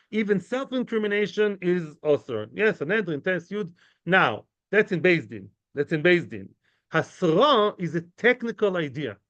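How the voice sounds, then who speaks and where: A man giving an informal, animated Talmud class, chatty and lively, mixing English with Hebrew and Yiddish terms. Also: high voice, no echo, muffled recording. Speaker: Talmud teacher.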